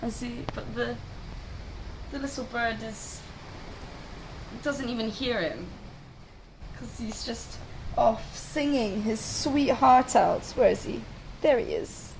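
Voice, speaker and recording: A woman telling a folk tale live, relaxed and chatty with asides to her listeners. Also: fairly high pitch, slow pace, gravelly, long pauses, noisy background. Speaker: storyteller. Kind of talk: live oral storytelling.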